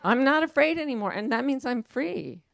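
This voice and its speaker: A woman's voice: sits high, animated, moderate pace, creaky, dry recording. A woman author talking as a guest in a casual onstage interview, emphatic and playful, often quoting herself in voices.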